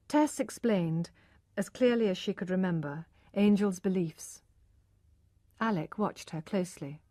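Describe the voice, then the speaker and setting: A woman's voice: medium pitch, a little slow, dark tone, no room sound, clean studio sound. Woman narrating a learner audiobook.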